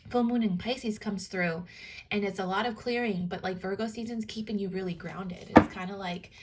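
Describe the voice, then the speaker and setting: A woman's voice: medium pitch, fairly even intonation, normal speed, husky. Rambling, casual young woman tarot reader. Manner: rambling, heavy on filler words, swears casually. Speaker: tarot reader and spiritual coach.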